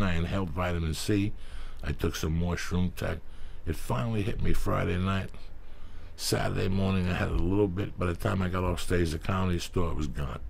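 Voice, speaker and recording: A man hosting his podcast, reading sponsor ads in a loud, emphatic, profane, rambling way. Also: sits low, vocal fry, a little hiss or hum. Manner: loud, emphatic, swears freely. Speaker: podcast host.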